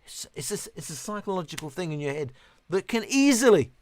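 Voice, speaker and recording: A man's voice: sits high, sing-song, brisk, darkish tone, dry recording. Man in his fifties, livestream host, rambling casual chat, self-interrupting, answering viewer questions.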